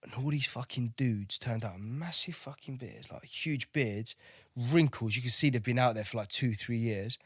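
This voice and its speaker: A man in his thirties, a Kosovo-born navy veteran, recounts war stories on a podcast in a casual interview style, swearing often and repeating himself. He speaks at a medium pitch and moderate pace with few pauses and a breathy edge, in a clean studio recording without room sound.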